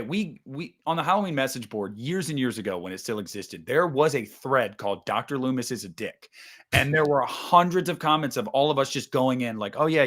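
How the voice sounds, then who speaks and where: Animated, swearing man talking movies. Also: on the high side. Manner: animated, swears freely, acts out scenes in exaggerated voices. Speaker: podcast host. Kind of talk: casual movie discussion.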